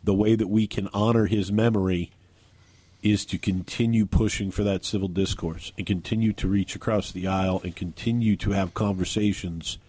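Earnest husky talk radio host. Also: male voice, lowish voice, warm tone, no echo. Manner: earnest, halting with restarts. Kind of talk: talk radio, on-air remarks. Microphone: studio microphone.

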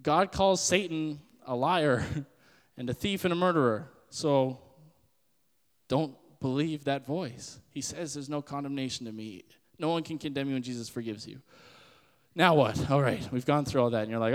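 A man's voice: mid-range voice, moderate pace, big-room sound. A man in his twenties giving a casual spoken sermon as a podcast host, earnest and conversational. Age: 20s. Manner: earnest and conversational, with frequent laughs and fillers.

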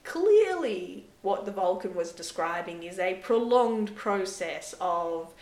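Woman, podcast co-host, loose rambling recap delivery, mid-pitched, echoey room. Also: expressive, slow, darkish tone. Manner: rambling, heavy use of "like" and "sort of". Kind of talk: casual chat recapping a TV episode. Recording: roomy echo.

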